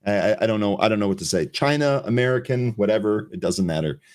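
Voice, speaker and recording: A man's voice: lowish voice, fast talker, darkish tone. A man hosting a live pre-market trading show, reading headlines and walking through stock charts in a chatty, laughing way. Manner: reads headlines aloud and checks charts while chatting.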